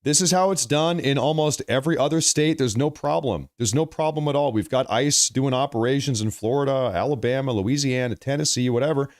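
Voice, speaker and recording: Brief: male livestream host, sarcastic ranting political commentary, voice going hoarse, mid-range pitch. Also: fairly quick, hardly any pauses. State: losing his voice.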